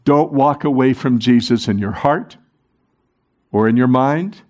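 A man preaching a sermon to a congregation, animated, talking with the room and acting out the quoted voices. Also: medium pitch, measured pace. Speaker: pastor.

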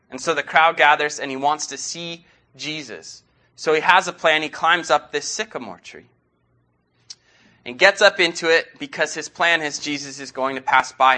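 Bright-voiced man preaching a sermon. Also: mid-range voice. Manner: earnest storytelling with rhetorical questions. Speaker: guest preacher. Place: church.

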